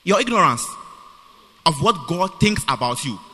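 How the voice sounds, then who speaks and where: Animated high-voiced preacher in a reverberant church. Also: male voice, normal speed, slightly rough. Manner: animated, repetitive, emphatic with many restarts. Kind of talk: sermon. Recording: long reverb of a church hall.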